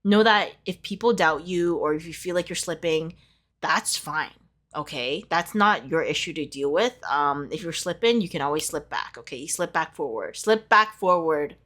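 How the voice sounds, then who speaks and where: A woman's voice: low voice, lively intonation, normal speed, fairly bright tone. A young woman giving a casual tarot reading, talking in a heartfelt, emotional way with lots of fillers. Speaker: tarot reader.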